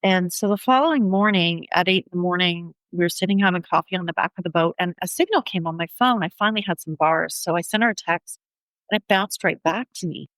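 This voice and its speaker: A middle-aged woman telling her personal story in an interview, earnest and steady, often acting out the back-and-forth of conversations. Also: lowish voice, dry recording, poor audio. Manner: earnest, reenacts dialogue in quick back-and-forth. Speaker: guest, bereaved mother.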